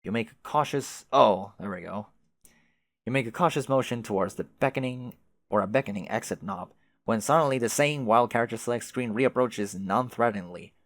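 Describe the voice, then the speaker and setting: A man's voice: mid-range voice, a little fast, no echo. A man reading a webcomic aloud with casual, wry commentary and the odd swear word. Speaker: webcomic reader.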